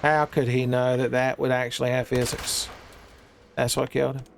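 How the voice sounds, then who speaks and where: A man's voice: mid-range voice, flat delivery, moderate pace, creaky, a little hiss or hum. A man giving rambling, joking commentary while he plays a video game, peppering his talk with "son" and bits of silly wordplay. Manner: rambling jokey riffing, calls viewers "son". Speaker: gaming streamer.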